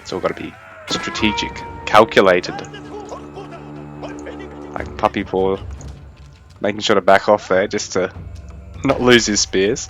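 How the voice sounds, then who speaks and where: A young man casts a strategy game in a relaxed, thinking-aloud way. His voice sits a little low and stays mostly even. Faint music plays underneath. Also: a little slow, pauses often. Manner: chatty, thinking aloud, fairly even delivery. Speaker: esports caster. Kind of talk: casual live game commentary.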